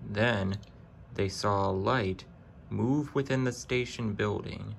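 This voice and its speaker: A man narrating a children's train story in a deliberate storytelling manner. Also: fairly low pitch, gravelly, a little hiss or hum.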